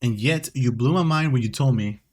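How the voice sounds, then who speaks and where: A man's voice: medium pitch, fairly quick, darkish tone. A man whose first language is not English, co-hosting a podcast in casual chat and speaking hesitantly with repeated words. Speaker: podcast co-host.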